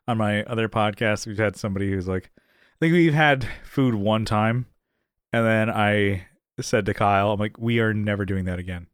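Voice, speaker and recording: A man's voice: fairly low pitch, moderate pace, smooth, no echo, studio quality. A man co-hosting a podcast in casual chat, retelling stories and acting out the quotes in raised voices. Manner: animated storyteller, acts out quotes in raised voices. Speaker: podcast co-host.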